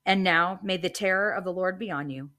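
A woman hosting a Bible reading podcast, reading the text aloud and dropping in brief casual asides, slowing down for quoted lines. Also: lowish voice, pushed and bright.

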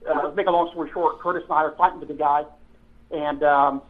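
A man's voice: a little high, fairly even intonation, fast talker. A man, a former police officer, telling old patrol stories in casual chat, rambling and correcting himself as he goes. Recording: tinny phone-like line.

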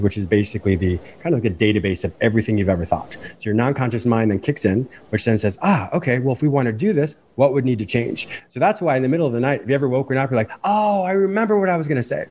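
Rapid-talking man on a podcast interview. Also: mid-range voice. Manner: rapid, animated, apologizes for speed. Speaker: podcast host and guest. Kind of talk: fast interview talk.

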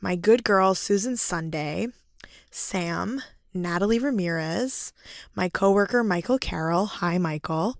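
A woman hosts her solo podcast with a raspy, hoarse voice that sits slightly low. She speaks earnestly, and the recording is dry and close. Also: measured pace, dry recording. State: hoarse from laryngitis. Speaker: podcast host.

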